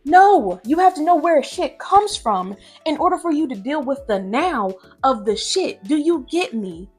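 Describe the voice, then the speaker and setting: In an unhurried but very animated, high-pitched voice, a young woman commentator rants profanely and brashly. The heated reaction commentary comes from her own room at home, with faint music in the background.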